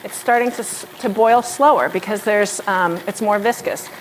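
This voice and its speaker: A woman's voice: medium pitch, normal speed, noisy background. A woman giving a live cooking demonstration as a lecturer in a hall, explaining each step in a chatty way with fillers. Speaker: pastry chef lecturer.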